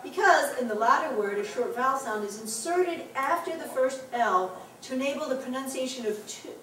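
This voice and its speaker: A woman teaching a small class, quick to laugh and encouraging her students as they read aloud. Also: high-pitched, expressive, a bit bright. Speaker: Hebrew teacher. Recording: roomy classroom from far off.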